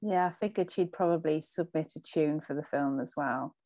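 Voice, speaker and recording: A woman's voice: deep voice, moderate pace, warm tone, no echo. A woman co-hosting a podcast, chatting casually, thinking aloud and laughing easily. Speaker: podcast co-host. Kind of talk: casual film chat.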